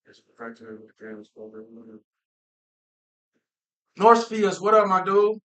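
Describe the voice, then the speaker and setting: A man from Minnesota hosting a casual football talk stream, animated and playful, laughing often and using slang. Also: high voice, slow, low-quality recording. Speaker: football talk show host. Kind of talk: casual livestream chat.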